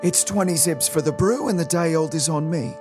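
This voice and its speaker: Man voicing a barkeep, gruff, blunt, loud, clipped, faint music behind. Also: fairly high pitch, brisk, pitched above the performer's own voice, natural voice. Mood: curt. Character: gruff male tavern barkeep, curt and annoyed.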